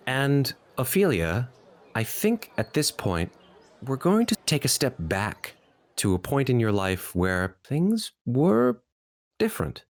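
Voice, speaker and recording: A man narrating a tabletop game as dungeon master, telling the scene in an expressive, descriptive way. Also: mid-range voice, slow.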